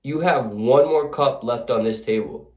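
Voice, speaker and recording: A man's voice: mid-range voice, a little slow. Man telling a second-person story. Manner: relaxed, casual, vivid scene-setting. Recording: roomy echo.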